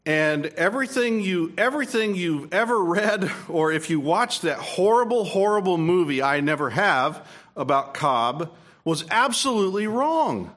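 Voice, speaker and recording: Male pastor, high voice, emphatic sermon delivery with questions to the congregation. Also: sing-song, unhurried. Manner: emphatic preaching with rising peaks and quiet asides; repeats and restarts phrases, asks the room questions. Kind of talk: expository sermon.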